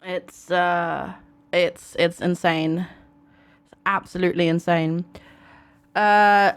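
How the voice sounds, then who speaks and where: A woman's voice: lowish voice, slow pace, fairly bright tone. A woman from Germany streaming a game live, chatting casually and greeting viewers by name into a desk microphone.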